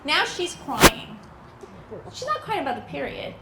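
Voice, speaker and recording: Woman, stand-up comedian, high lively voice, roomy noisy outdoor recording. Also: unhurried. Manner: animated storytelling with quoted voices. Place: outdoor backyard show. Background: audience laughter.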